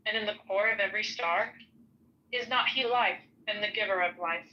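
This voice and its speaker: A woman slowly reading an old ritual text aloud in a solemn way, stumbling now and then over hard names. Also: mid-range voice, bright, forceful tone, highs cut off, slight background noise.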